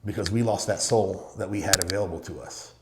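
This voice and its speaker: The recording is very noisy, with roomy studio echo, as a middle-aged Middle Eastern guest talks in a low voice at a slightly fast clip. A real estate owner, he tells stories emphatically during a casual podcast interview, repeating short phrases.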